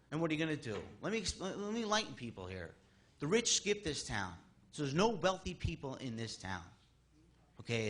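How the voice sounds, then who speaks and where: A man's voice: high-pitched, a bit bright. A man in his thirties speaking at public comment during a town board meeting, rambling and exasperated, with many restarts. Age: 30s.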